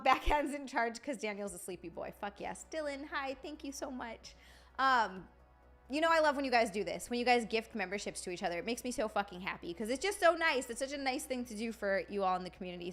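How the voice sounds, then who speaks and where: A woman's voice: high voice, a bit bright. A young woman chatting casually on a live stream, swearing freely and greeting viewers by name.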